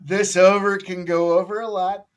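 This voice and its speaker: A man's voice: high voice, little pitch movement, normal speed. A man hosting a casual group chat about fight betting, joking and teasing his co-hosts. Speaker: betting show host.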